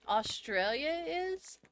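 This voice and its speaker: While gaming on a live stream, a woman answers her chat, giggling and chatting casually with viewers. Her voice is high-pitched, very animated and a bit bright, and she speaks very slowly.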